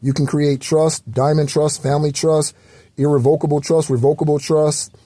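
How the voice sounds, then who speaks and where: A man's voice: a little high, level tone, moderate pace, mellow, no echo. A man hosting a spiritual talk channel, speaking in a loose, rambling way with many fillers and the occasional swear word.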